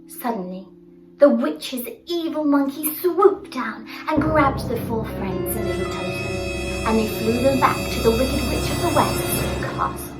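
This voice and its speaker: A woman telling a children's story with dramatic, expressive narration. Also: sits high, unhurried. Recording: roomy, distant, music behind.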